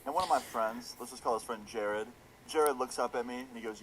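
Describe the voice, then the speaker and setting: A man's voice: mid-range voice, fairly quick, noisy background. A young man casually narrating a storytime video in a laid-back, slangy way with casual swearing. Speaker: storytime YouTuber.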